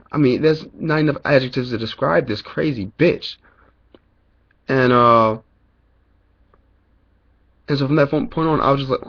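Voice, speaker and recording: A man's voice: mid-range voice, lo-fi sound. A young man telling a long, angry story about college in a casual vlog, swearing a lot and rambling with fillers. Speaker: college student vlogger.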